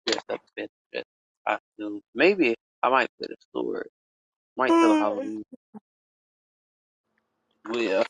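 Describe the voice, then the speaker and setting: A man hosting a casual podcast, telling a story with lots of swearing and sudden loud exclamations. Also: fairly low pitch, big pitch swings, slow, gravelly, pauses often, no room sound, highs cut off. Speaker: podcast host.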